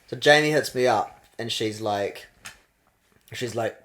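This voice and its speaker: A man's voice: on the low side, measured pace. Young kiwi guy telling a wild story. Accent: New Zealand. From New Zealand. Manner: animated, laughing while telling a wild story. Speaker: podcast co-host. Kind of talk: casual storytelling chat.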